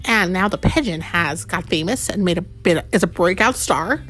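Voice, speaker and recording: A woman reading a picture book aloud to a child, animated and asking the child many questions. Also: fairly low pitch, moderate pace. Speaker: reader to a child.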